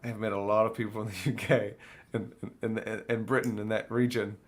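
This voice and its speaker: A man's voice: fairly low pitch, level tone, a little fast. A man with a New Zealand accent, a podcast panelist rambling in casual chat and swearing freely.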